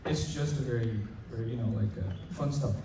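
A male student in his late teens doing stand-up comedy at school, chatty and stammering, loudly acting out his teachers. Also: mid-range voice, a little fast. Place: school hall with an audience. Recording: echoey hall recorded from far off. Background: audience laughter and room noise.

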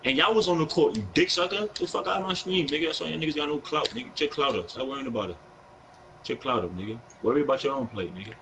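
A man's voice: a little high, fast talker, noisy background. A young man with a New York accent, live-streaming a basketball video game, talking in brash, profane trash talk with an aggressive edge. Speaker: gaming streamer.

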